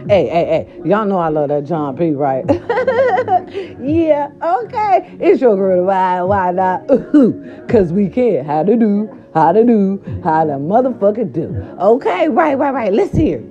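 A middle-aged woman telling a story casually to her viewers, animated and profane, repeating her filler words. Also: medium pitch, unhurried, highs cut off. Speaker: vlogger.

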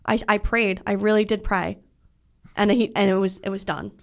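A young woman co-hosting a podcast, telling a story in casual chat, animated and emotional, with frequent swearing. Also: medium pitch, moderate pace, vocal fry. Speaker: podcast co-host.

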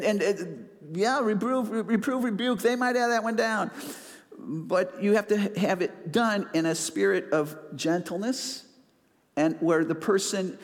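A man's voice: high voice, long reverb tail. A male pastor preaching a sermon in a conversational, self-deprecating way, acting out little asides.

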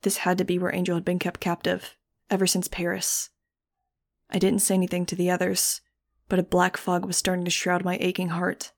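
A woman narrating a first-person audiobook in a measured, grave storytelling manner. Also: fairly low pitch, completely flat delivery. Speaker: audiobook reader.

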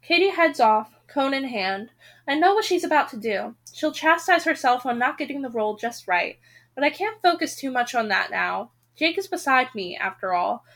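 A woman hosting a podcast, reading a novel aloud and reacting with expressive, emotional outbursts. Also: high-pitched, normal speed. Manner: expressive reader who breaks off into emotional rants.

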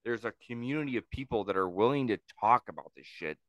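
A man's voice: on the low side, animated, fast, fairly bright tone, no room sound, dull audio. A man talking casually on a podcast, blunt and emphatic, with frequent swearing.

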